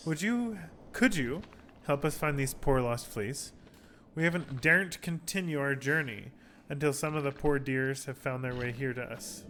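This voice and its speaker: A man reading aloud as a friendly old flea who leads a caravan, in quaint broken phrasing and a hushed voice. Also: medium pitch, normal speed, slight background noise, lightly acted. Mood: warm, welcoming.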